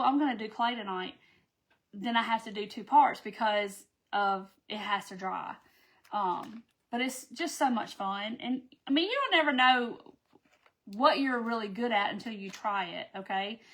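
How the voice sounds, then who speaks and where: A woman's voice: on the high side, fairly bright tone. A woman, chatting casually with live viewers about her clay crafts and answering their comments. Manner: chatty, folksy, says "y'all", reads out viewer comments. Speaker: craft live-stream host.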